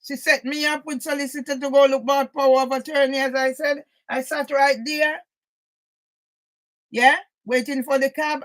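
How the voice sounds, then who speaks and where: High-pitched woman venting to camera, furious and upset, cursing a ton, keeps saying yeah?. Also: gravelly, poor audio. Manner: agitated, heavy swearing, keeps asking "yeah?"; emotional, near tears. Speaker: vlogger. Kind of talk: angry personal monologue to camera.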